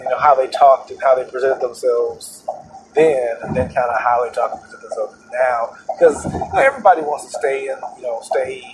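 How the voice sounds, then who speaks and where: Chatty man recording from a car. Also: mid-range voice. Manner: chatty, laughs often, many restarts. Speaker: podcast host. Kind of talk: rambling casual monologue. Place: moving vehicle. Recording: road noise in a car. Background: road noise.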